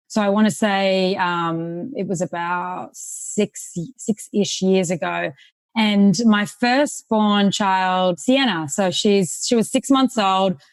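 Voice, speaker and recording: An Australian woman in her thirties tells her story as a podcast guest, friendly and quick to laugh. Her voice sits at a middle pitch and sounds dry and close. She talks in a relaxed, conversational way. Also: dry recording. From Sydney, Australia. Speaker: guest, real estate investor. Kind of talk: casual interview conversation.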